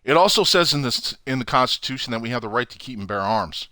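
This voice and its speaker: A man hosting his own channel, ranting furiously to camera from home with heavy swearing and loud outbursts. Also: mid-range voice, expressive, quick pace, no echo, clean studio sound. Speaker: channel host. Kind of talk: angry profane rant to camera.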